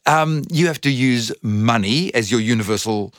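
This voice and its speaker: A man's voice: medium pitch, moderate pace, dry recording, studio quality. A man co-hosting a science podcast in casual chat, joking and explaining things with everyday metaphors. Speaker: science co-host.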